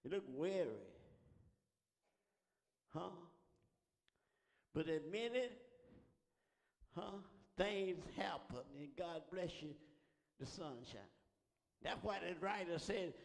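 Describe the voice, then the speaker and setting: High-voiced preacher with slow, ringing calls. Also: male voice, expressive, gravelly. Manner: preaching with rising calls and repeated "huh?". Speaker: pastor. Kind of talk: call-and-response sermon. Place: church sanctuary. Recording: long church reverb.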